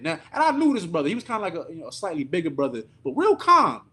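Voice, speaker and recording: A man preaching at a service, telling a story in an animated, indignant, conversational way. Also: high-pitched, quick pace, slightly rough. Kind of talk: sermon storytelling.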